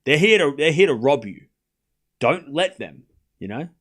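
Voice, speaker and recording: A man's voice: on the high side, big pitch swings, moderate pace, fairly bright tone, slightly rough. Chatty male tennis watchalong host. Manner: chatty, rambling, frequent "you know" and restarts. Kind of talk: live tennis watchalong commentary.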